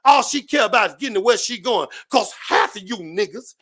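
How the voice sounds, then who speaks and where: A man's voice: extremely high pitch, animated, a little fast, hardly any pauses, slightly rough. A man speaking as a guest on a live-stream panel, delivering an impassioned, profane political rant full of repetition and swearing. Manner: shouting, preachy, repetitive, heavy swearing.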